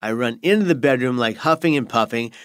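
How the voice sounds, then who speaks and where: A man guest telling a lively, funny story about his proposal, acting out the scene as he goes. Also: brisk, clear, resonant tone, dry recording, clean studio sound. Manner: animated storyteller, acts out voices in high squeals. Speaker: interview guest, husband. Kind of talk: comic anecdote.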